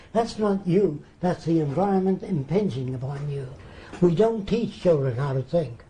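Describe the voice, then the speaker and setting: An older man, a TV interview guest, tells his stories with animation and slips into the voices of the people he quotes. His voice is fairly high for a man, yet dark and mellow in tone. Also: animated, normal speed, poor audio. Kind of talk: storytelling in a TV interview.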